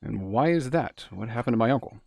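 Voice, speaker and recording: A man's voice: medium pitch, expressive, brisk, gravelly, darkish tone, no room sound, studio quality. A man voicing an earnest young male traveler, reading game dialogue aloud in an emphatic way.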